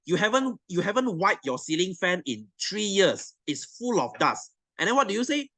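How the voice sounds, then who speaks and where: A young man with a Malaysian English accent, tutoring science in a blunt, animated, teasing way, with plenty of swearing. His voice sits a little high for a man, and it is recorded close and dry, with no room sound. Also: normal speed, no room sound. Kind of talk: online class rant to students.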